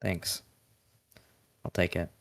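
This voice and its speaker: A man's voice: takes it slowly, fairly bright tone, no room sound. A man playing his character at a tabletop game, blunt and terse. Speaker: player. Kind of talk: in-character tabletop role-play.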